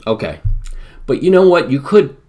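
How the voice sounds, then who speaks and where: A man's voice: mid-range voice, sing-song, normal speed, a little mellow. An American man streaming a wargame, talking in a rambling, casual way with lots of fillers. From United States. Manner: rambling, filler-heavy, chatty. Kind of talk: casual live-stream commentary.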